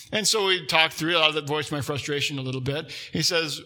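A man preaching a sermon, telling a personal story with lively swings between loud emphasis and hushed, quiet moments. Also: on the high side, moderate pace, vocal fry, few pauses. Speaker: pastor.

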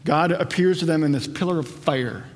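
Man preaching in a reverberant hall. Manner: builds in pitch and loudness when stressing a point, slows for scripture. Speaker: pastor. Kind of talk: sermon.

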